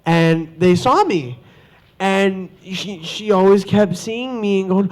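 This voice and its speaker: A man cosplayer on a convention panel, telling lively stories and jumping into quoted voices. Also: high voice, takes it slowly. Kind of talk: animated storytelling to a panel audience.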